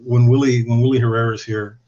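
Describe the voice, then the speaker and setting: A man's voice: mid-range voice, level tone, brisk, mellow. A man guest telling stories in casual chat, rambling and swearing with chuckles. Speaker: podcast guest. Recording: slightly dull lo-fi recording.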